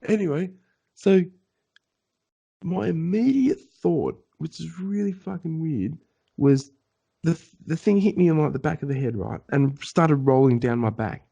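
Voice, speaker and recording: A man co-hosting a podcast tells a story in casual conversation, acting out the voices of the people involved and swearing often. His voice sits on the high side, a little slow and creaky, and his delivery is animated.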